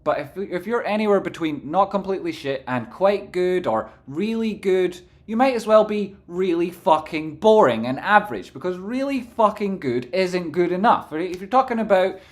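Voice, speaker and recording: A man's voice: sits high, normal speed, few pauses. A man commentating stock charts on a live stream, rambling and swearing casually while reading out viewer messages. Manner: casual and profane, reads chat aloud; rambling, animated.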